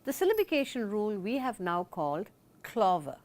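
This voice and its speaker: In a recorded lesson, a woman explains things deliberately in a medium-pitched, sing-song voice. She poses questions to the viewer and answers them herself.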